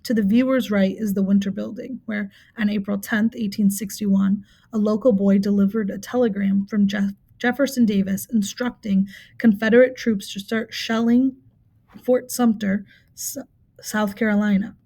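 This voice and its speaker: A woman reading a nonfiction book aloud in a steady, measured storytelling manner, with occasional small slips. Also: mid-range voice. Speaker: reader.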